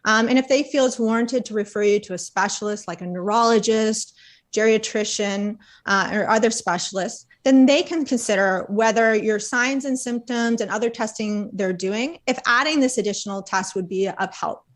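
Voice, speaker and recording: A Canadian woman scientist giving interview answers, explaining in a clear and measured way. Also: mid-range voice. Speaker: researcher guest.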